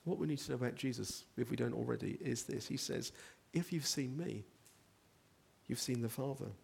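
A man's voice: medium pitch, moderate pace, vocal fry, a little mellow, slightly rough. A man preaching a sermon, earnest, building to emphatic rhetorical questions.

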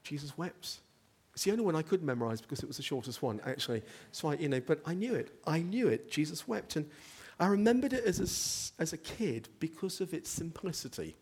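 Gravelly man preaching earnestly. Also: a little high, big pitch swings, quick pace, few pauses, darkish tone. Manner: earnest, builds to emphatic rhetorical questions. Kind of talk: sermon.

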